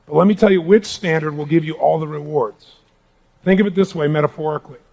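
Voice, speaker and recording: A man's voice: fairly high pitch, fast talker, creaky, darkish tone. A man giving an emphatic motivational talk to a live audience in a large room, calling for responses from the crowd. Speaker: motivational speaker.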